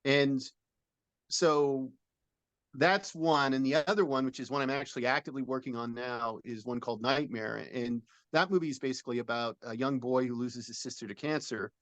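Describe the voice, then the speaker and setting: A man's voice: mid-range voice, fairly even intonation, normal speed, fairly bright tone, dry recording. A middle-aged man, a film director, being interviewed and describing a film idea in an earnest, rambling storytelling way.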